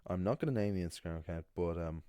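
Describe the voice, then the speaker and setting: A man's voice: deep voice, fast, dark tone, clear, resonant tone, dry recording. A young man, a language teacher, talks through an anecdote in a casual, opinionated, rambling way. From Ireland. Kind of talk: casual explanatory video monologue.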